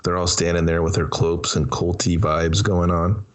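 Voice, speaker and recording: A man's voice: deep voice, level tone, moderate pace. A man co-hosting a movie review podcast, talking in a loose, rambling, laid-back way. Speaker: podcast co-host. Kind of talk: casual movie review chat.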